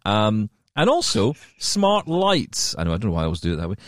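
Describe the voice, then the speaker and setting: A man's voice: on the low side, huge pitch swings, brisk, dry recording, clean studio sound. A man hosting a casual tech podcast, chatty and laughing easily between restarts. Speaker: podcast host.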